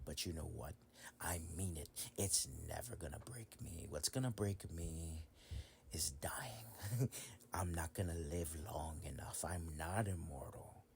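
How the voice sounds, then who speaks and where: A man's voice: deep voice, slight background noise. A man making a solo voice recording in whispered role-play style, ranting with lots of cursing and laughter. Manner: whispered, cursing rant, swings to loud laughing outbursts.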